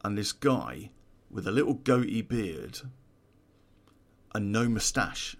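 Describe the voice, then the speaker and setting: Low gravelly man telling a story. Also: very animated, slow pace. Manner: profane, laughing at his own story. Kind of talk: casual true-crime storytelling.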